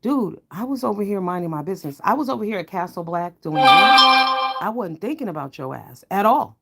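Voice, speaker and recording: A woman ranting to her viewers in a blunt, profane, heated way, swinging from low mutters to loud outbursts. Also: animated, fairly quick, gravelly, over loud music. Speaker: online commentator. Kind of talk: ranting commentary vlog.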